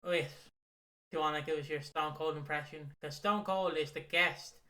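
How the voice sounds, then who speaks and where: Recapping wrestling in a rambling, casual chat, this podcast co-host curses and cracks himself up with his own stories. He speaks at a moderate pace in a slightly high, steady voice with a sharp tone.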